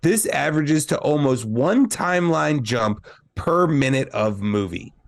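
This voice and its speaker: Hesitant man with a gravelly voice. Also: on the high side, lively intonation, a little slow. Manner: hesitant, many fillers and restarts, laughs along. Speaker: podcast co-host. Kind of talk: casual movie review chat.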